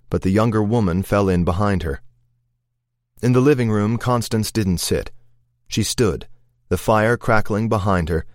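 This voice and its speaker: Male audiobook narrator, low-pitched, dry close recording, measured suspense. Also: no echo.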